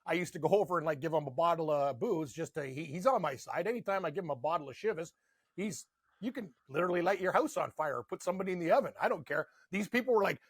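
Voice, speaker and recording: Rambling, husky-voiced male podcast host. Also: a little high, fast, no echo, studio quality. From Canada. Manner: rambling, animated storytelling with lots of "like". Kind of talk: casual sports betting chat.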